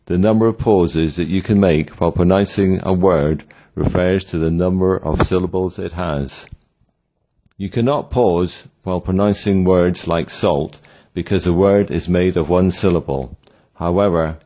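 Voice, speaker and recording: A man narrating a scripted pronunciation lesson, slowly and deliberately sounding out example words. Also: low voice, dark tone. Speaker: pronunciation teacher.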